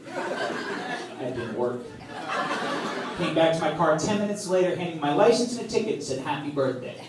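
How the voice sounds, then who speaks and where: A man doing a stand-up comedy set on a club stage, telling stories in a punchy, exasperated way with sudden loud outbursts. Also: fairly high pitch, expressive, normal speed, very noisy. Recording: echoey club room from a distance. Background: audience laughter and club ambience.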